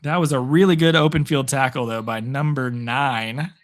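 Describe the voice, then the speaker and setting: A young man from Arizona, hoarse after a long day, casually calling football play by play on a live stream and chatting with viewers, rising with excitement on big plays. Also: mid-range voice, moderate pace. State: hoarse, voice worn out.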